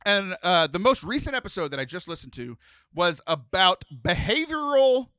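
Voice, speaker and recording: A man from Texas hosting a podcast, telling stories in an animated, rambling way. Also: sits high, a little fast, dry recording. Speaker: podcast host. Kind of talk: casual podcast chat.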